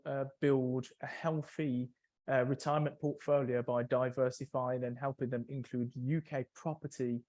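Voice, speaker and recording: A man's voice: mid-range voice, a little mellow. A man speaking as a guest on a webinar over a video call, with an enthusiastic, upbeat manner. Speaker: guest speaker, sales manager. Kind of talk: self-introduction on a webinar.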